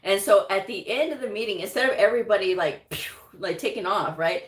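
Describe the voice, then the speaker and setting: A middle-aged woman from the United States, a medical coding educator and channel host, runs a casual storytelling livestream about medical coding. Speaking fairly quickly in a medium-pitched voice, she chats, laughs often, and acts out what others said in voices. The room sounds echoey.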